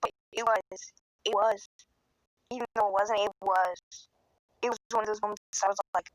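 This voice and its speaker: A woman's voice: medium pitch, steady tone, normal speed, long pauses, dry recording, rough recording. A teenage girl telling a personal storytime in a rambling, emotional way, swearing a lot and sometimes choking up, recorded on a phone. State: tearful at times. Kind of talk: casual storytime monologue.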